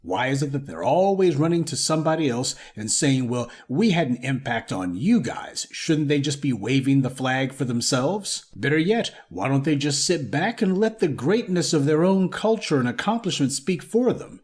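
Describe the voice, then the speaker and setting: A man's voice: fairly high pitch, animated, normal speed, few pauses, a little mellow. A man delivering a scripted commentary monologue in an indignant, lecturing manner. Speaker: online commentator.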